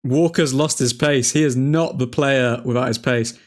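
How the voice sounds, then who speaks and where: A man hosting a live football watchalong, reacting to each chance with loud excitement and grumbling at the referee. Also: mid-range voice, normal speed. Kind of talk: live match commentary.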